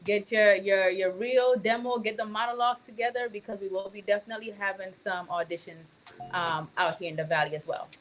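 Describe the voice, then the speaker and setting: A woman's voice: medium pitch, fairly even intonation, a little fast. A woman guest chatting casually in a radio interview, bubbly and laughing often, with frequent ums and restarts. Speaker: actress and author guest.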